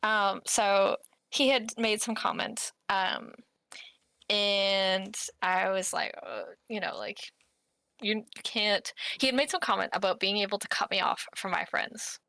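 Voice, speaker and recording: A woman's voice: mid-range voice, measured pace, vocal fry, sharp tone, dry recording. A woman co-hosting a podcast, telling a story in casual chat, giggling often as she reads out old messages. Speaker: podcast co-host.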